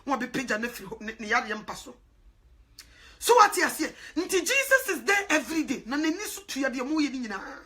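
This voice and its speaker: High, bright-voiced woman preaching. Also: quick pace, few pauses. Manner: animated preaching, swinging from hushed to loud, often laughing. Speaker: evangelist. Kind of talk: sermon.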